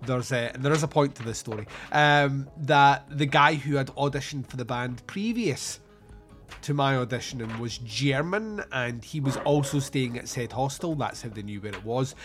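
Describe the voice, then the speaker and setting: A man's voice: mid-range voice, a bit bright. A Scottish man from Scotland chatting casually about films, rambling through anecdotes and swearing freely.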